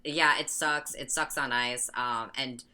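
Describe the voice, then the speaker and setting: A woman co-hosting a casual film-review podcast, blunt and agreeable and quick to swear. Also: a bass voice, steady tone, sharp tone, clean tone. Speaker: podcast co-host.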